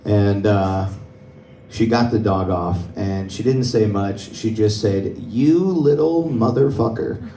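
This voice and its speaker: A man's voice: lowish voice, fairly even intonation, slow pace, dark tone, slight background noise. A young man doing a stand-up comedy set on a club stage, telling stories conversationally and laughing at his own jokes. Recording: roomy club sound, mic from a distance.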